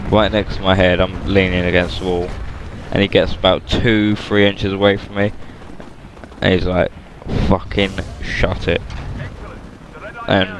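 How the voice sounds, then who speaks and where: A man, casually telling a story to his viewers in a flat, matter-of-fact way. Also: sits low, creaky, noisy background. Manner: flat, matter-of-fact retelling with plain slang. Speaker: vlogger.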